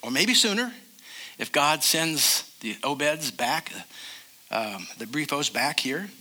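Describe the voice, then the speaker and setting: An older man preaching a sermon as a pastor, emphatic, and slowing down to stress key phrases. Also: a little high, animated, bright, forceful tone.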